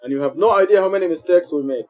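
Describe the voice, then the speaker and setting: A man with a high-sitting voice talks very fast as he preaches in a mosque, earnest and explanatory, repeating points for emphasis. He is a preacher teaching Quran study, and this is a sermon captured in a dull lo-fi recording.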